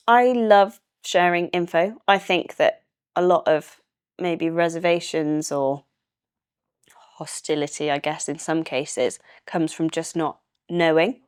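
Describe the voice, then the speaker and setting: A young woman with a Welsh accent talks about the land she manages in an easy, enthusiastic way, laughing often. Her voice sits low and comes across smooth and clear. The recording is dry and close. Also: slow pace, no echo. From Wales. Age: young adult. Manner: chatty, laughs easily, relaxed and enthusiastic. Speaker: estate manager, guest. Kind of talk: casual interview chat.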